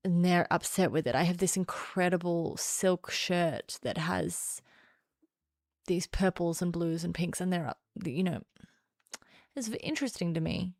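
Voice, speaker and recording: A young adult woman streaming casual chat, playful and sing-songy, sometimes dropping into a lower, serious tone. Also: no echo, studio quality. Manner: sing-songy, chatty, shifts between playful and low serious tone.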